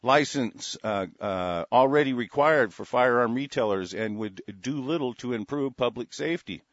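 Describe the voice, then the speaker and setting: A man's voice: mid-range voice, lively intonation, moderate pace, no room sound, muffled recording. A middle-aged man reading news stories aloud and breaking off into angry, sarcastic, profane rants. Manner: angry, sarcastic, swears a lot, reads then rants. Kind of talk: profane ranting commentary on news.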